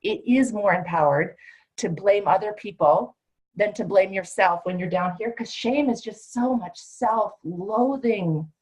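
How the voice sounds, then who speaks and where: A middle-aged woman trains future coaches, talking to her class in a conversational, emphatic way. She sits at an ordinary middle pitch and now and then slips into the voices of her clients to make a point. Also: unhurried, a little mellow, low-quality recording. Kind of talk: teaching a certification class.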